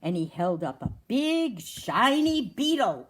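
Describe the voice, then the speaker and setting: A woman's voice: medium pitch, slow pace, a little hiss or hum. A woman from a wildlife rescue reading a children's story aloud and asking the audience questions. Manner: animated, asks the audience questions.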